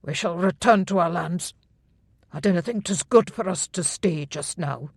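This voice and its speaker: Narrator doing a gruff Scottish laird. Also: medium pitch, normal speed, no echo. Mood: subdued. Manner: blustering, defensive. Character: gruff older male Highland laird.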